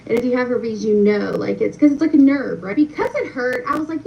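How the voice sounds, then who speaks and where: A woman's voice: high-pitched, lively intonation, a little fast, gravelly, hardly any pauses, a little mellow. Chatty young woman telling a story. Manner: chatty, many fillers, addresses viewers directly. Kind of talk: casual storytelling to viewers. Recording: distant, muffled with faint noise.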